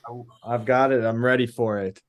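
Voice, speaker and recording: A man's voice: medium pitch, steady tone, normal speed. Male student in a casual lesson, short, unsure replies, voice in the middle range. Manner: short, hesitant answers. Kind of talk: casual chat.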